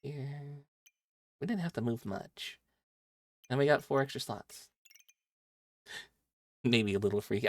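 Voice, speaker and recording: Young male streamer, mid-pitched, chatty and joking with chat over a dry headset mic. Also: slow pace, long pauses, dry recording. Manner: chatty and playful, reacting to chat as he plays. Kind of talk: casual live game-stream chat with viewers.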